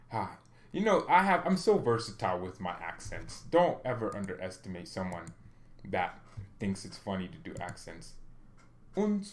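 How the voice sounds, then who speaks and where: A man's voice: deep voice, normal speed. Rambling, joking male fan-channel host. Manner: rambling, joking, animated bursts. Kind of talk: casual vlog commentary.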